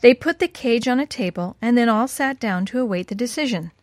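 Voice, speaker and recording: A woman reading a children's story aloud in a gentle, expressive way. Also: fairly high pitch, fairly quick, dry recording, studio quality.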